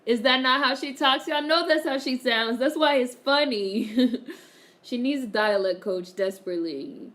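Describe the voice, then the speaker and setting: A woman's voice: sits high, moderate pace, fairly bright tone. Woman streamer, casual and chatty, reads comments aloud, salty language, frequent laughter. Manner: chatty, swears freely, laughs often. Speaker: live streamer. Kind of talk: casual live-stream chat, reading viewer comments.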